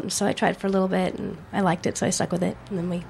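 Young female keyboardist, hoarse from losing her voice, gravelly, faint hiss behind. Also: fairly low pitch, steady tone, very fast, hardly any pauses, a little mellow. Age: young adult. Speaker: band keyboardist. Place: radio studio.

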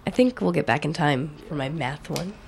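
Young female keyboardist, hoarse from losing her voice, gravelly, faint hiss behind. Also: low-pitched, expressive, moderate pace, darkish tone. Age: young adult. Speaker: band keyboardist. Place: radio studio.

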